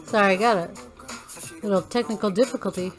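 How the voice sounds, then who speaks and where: A woman's voice: medium pitch, fairly even intonation, quick pace, over music. A woman hosting a reaction video, gushing and thinking aloud with many restarts and fillers. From Filipino American. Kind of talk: casual reaction commentary.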